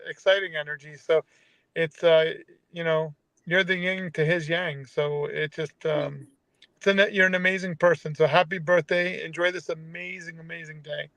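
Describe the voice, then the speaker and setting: A man giving a casual birthday greeting from his parked van, halting with many fillers. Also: on the high side, a bit bright, smooth, dry recording. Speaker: guest.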